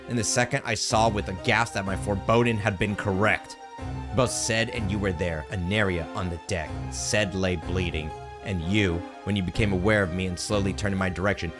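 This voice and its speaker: Streamer, male, low voice, earnest dramatic reader of game text, music bed under him. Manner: earnest, expressive reading with brief surprised asides.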